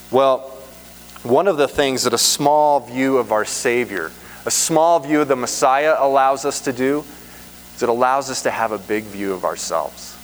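A man preaching a sermon in an earnest, emphatic way, repeating phrases for stress. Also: mid-range voice. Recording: reverberant hall, faint hum.

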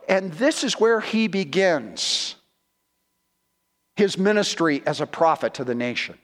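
A man's voice: high voice, expressive, unhurried, fairly bright tone, big-room sound. A man preaching a sermon as a guest pastor in a church, emphatic and repeating key words as he addresses the congregation as friends.

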